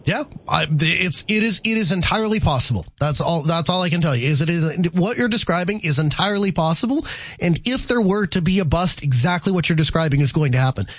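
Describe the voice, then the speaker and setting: A man's voice: on the high side, animated, a little fast, fairly bright tone, no echo. A man hosting a call-in radio show, thinking aloud and restarting his sentences as he works through answers. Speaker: radio talk show host.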